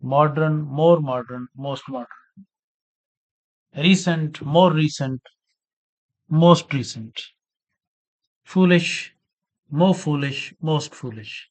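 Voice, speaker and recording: A man gives a grammar lesson at an unhurried pace. His voice sits a little high for a man. He speaks deliberately, repeating key words and spelling out letters one by one. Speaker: grammar teacher. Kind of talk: slow spoken grammar lesson.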